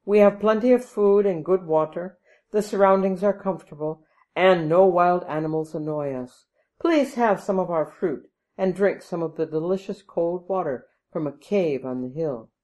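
A woman reading a storybook and voicing a generous male prince living as a hermit, speaking gently and formally. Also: on the low side, normal speed, muffled recording, lightly acted. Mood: courteous.

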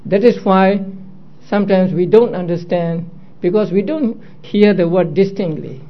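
A man giving a slow, methodical lecture, explaining step by step and posing rhetorical questions to his listeners. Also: high voice. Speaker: teacher. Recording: dull lo-fi recording.

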